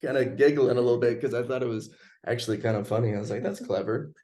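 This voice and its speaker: A man's voice: mid-range voice, fast talker, warm tone. A young man telling a personal story in a casual chat, laid-back and chuckling as he goes.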